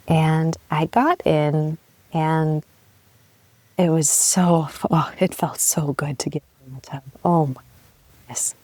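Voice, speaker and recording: Young adult woman podcast host with a low voice and a dry, close sound. Frank, animated storyteller. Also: unhurried, dry recording. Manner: candid and animated, swears freely, laughs at herself. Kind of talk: personal storytelling monologue.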